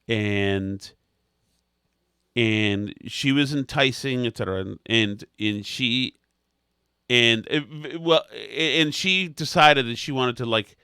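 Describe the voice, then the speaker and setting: Bright-voiced man telling rambling stories. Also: medium pitch, slow pace, clean tone, dry recording, clean studio sound. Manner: rambling, self-mocking anecdotes. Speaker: podcast co-host. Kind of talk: comedic storytelling chat.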